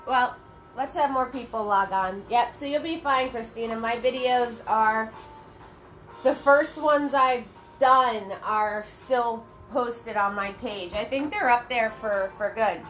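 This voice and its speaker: A woman's voice: fairly high pitch, slow, fairly bright tone, soft background music, rough recording. A woman hosting a livestream painting class, chatting with viewers and greeting them by name. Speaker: paint party instructor.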